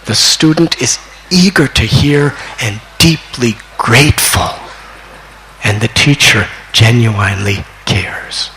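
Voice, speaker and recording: An older man in his sixties, a spiritual teacher telling a devotional story in a slow, deliberate way that climbs to excited peaks. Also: medium pitch, slight background noise, poor audio. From United States. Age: 60s.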